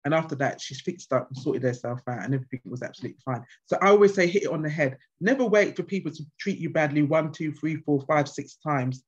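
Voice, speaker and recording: A woman guest speaker at a conference, answering questions with passionate, animated stories. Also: low-pitched, fast, hardly any pauses, breathy edge. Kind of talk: conference Q&A with anecdotes. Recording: dull lo-fi sound.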